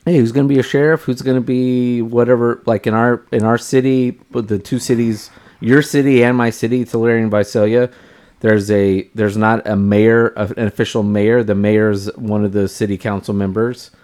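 Calm reflective podcast co-host man. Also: mid-range voice, normal speed. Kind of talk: casual podcast chat.

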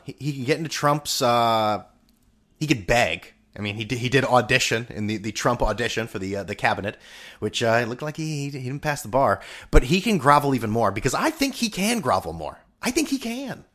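A man's voice: medium pitch, a bit bright. A young man hosting a podcast, talking in a rambling, sarcastic and profane monologue. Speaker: podcast host. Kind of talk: casual monologue.

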